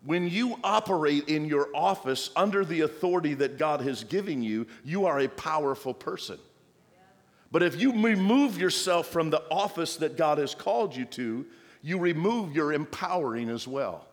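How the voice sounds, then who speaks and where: Male pastor, sermon delivery, exhorting with playful asides, slightly high voice, church hall reverb. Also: animated, normal speed.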